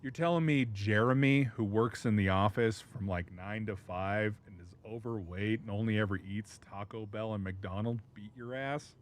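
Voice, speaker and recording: A man's voice: fairly low pitch, normal speed, hardly any pauses. Laughing, profane man telling a story. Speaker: streamer. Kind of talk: casual chat.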